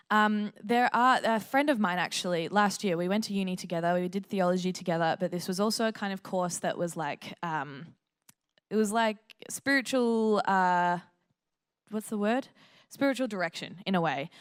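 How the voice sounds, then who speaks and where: A woman's voice: medium pitch, clear, resonant tone. Chatty young Australian woman preaching. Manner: chatty, joking, laughs often, lively quoted asides. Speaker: church speaker. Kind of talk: sermon. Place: church stage.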